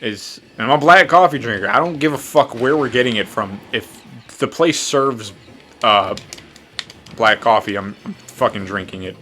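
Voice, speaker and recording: A man's voice: medium pitch, moderate pace, bright, forceful tone, slight background noise. Rambling, cursing young man telling stories. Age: 20s. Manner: rambling, profane, self-mocking. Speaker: podcast host. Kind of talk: casual storytelling while gaming.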